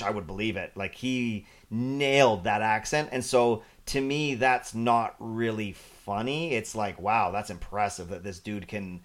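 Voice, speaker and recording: A man chatting casually as a podcast co-host, animated and acting out quotes. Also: on the low side, moderate pace. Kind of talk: casual chat.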